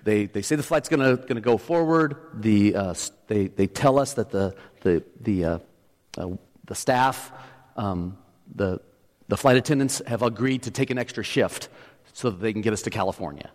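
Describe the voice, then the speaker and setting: A man's voice: on the low side, normal speed, a little mellow. A middle-aged male pastor preaching a sermon, telling a story with restarts and building to emphatic points. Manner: storytelling, often restarts, rises to emphatic peaks. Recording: long hall reverb.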